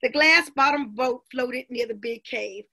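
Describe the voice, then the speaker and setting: Lively woman reading a children's story. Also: on the high side, a little slow, vocal fry. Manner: lively, addresses the listening children directly. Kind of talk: reading a children's picture book aloud.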